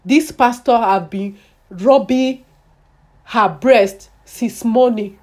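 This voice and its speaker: A woman's voice: on the high side, slow pace, darkish tone. A young woman telling a personal story on her vlog, dramatic and repeating phrases for emphasis. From Nigeria. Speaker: vlogger.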